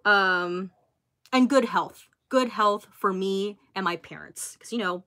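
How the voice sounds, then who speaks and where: A woman's voice: medium pitch, slow. Woman in her twenties, livestream host, casual and chatty, reads out viewer comments, lots of ums. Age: 20s. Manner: chatty and expressive, many fillers, reads viewer comments aloud. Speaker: YouTuber hosting a livestream.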